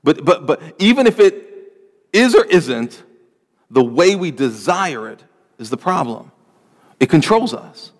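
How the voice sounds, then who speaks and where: A man's voice: fairly high pitch, sing-song, moderate pace, in a large hall. A man pastor delivering a sermon in an earnest, pleading manner, pushing his emphasis up through his lists.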